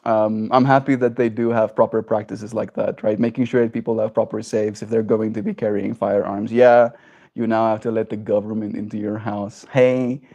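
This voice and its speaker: A young man from South Africa with a self-shaped neutral accent, live streaming and chatting casually with viewers, peppering his talk with "like" and "right?". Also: medium pitch. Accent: self-shaped neutral, slightly American-leaning. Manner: chatty, animated, frequent "like" and "right?" tags. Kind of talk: casual chat reading viewer comments.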